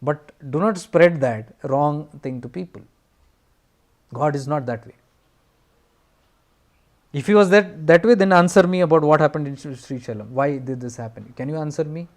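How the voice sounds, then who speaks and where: A man's voice: fairly high pitch, darkish tone. Earnest man telling a sacred story. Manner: earnest, unhurried storytelling with emphatic repetitions. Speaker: spiritual teacher. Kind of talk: spiritual storytelling talk.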